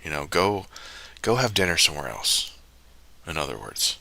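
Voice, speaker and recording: Male streamer host, very low voice with a bright edge, slow, rambling and jokey. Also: big pitch swings, gravelly. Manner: rambling, self-correcting, jokey asides. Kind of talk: rambling casual monologue.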